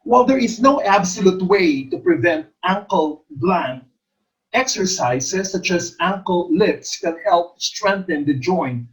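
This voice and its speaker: A middle-aged man, coaching exam takers, slowly repeating terms and stressing syllables as he explains. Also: high-pitched, animated, rough recording. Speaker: exam review teacher. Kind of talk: teacher-exam coaching lecture.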